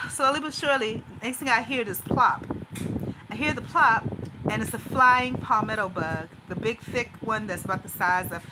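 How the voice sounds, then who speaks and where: A woman vlogger talks through her worries in a rambling, run-on way, anxious and restless. Her pitch sits in a middle range. A steady hiss of background noise runs under the recording. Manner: anxious, talks things out in loose run-on asides. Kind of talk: rambling personal venting monologue.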